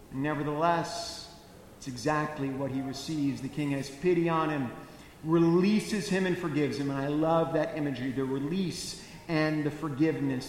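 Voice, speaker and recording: A man preaching a sermon as pastor, telling the story with animated, wry comic asides. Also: a little high. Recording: echoey church hall with faint noise.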